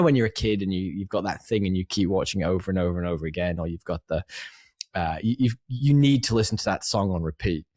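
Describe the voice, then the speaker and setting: A man's voice: low-pitched, a little mellow, dry recording, clean studio sound. A man co-hosting a podcast, chatting animatedly about films and laughing often. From northern England. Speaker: podcast co-host. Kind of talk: casual film chat.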